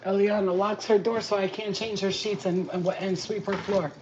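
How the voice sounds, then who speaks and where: A woman's voice: mid-range voice, flat delivery, normal speed, highs cut off, noisy background. A woman in her thirties chatting casually, cursing freely and laughing often, teasing her dog. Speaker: vlogger. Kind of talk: casual chat.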